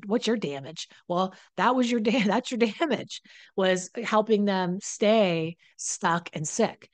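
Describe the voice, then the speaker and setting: A woman's voice: medium pitch, no room sound. A woman recovery coach giving blunt, profane advice straight to the camera, often acting out what other people say. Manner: blunt and profane, acts out quoted voices. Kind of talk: direct-to-camera advice talk.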